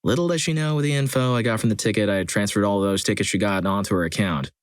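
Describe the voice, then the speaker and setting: Male narrator with a low voice and a dry, close sound, reading scripted stories at a steady pace. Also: fast, clean tone, no room sound. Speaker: story channel narrator.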